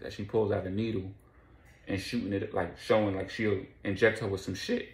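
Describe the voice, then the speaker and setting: A man's voice: lowish voice, level tone, normal speed, echoey room. A man telling a story casually, with slang, profanity and repetition.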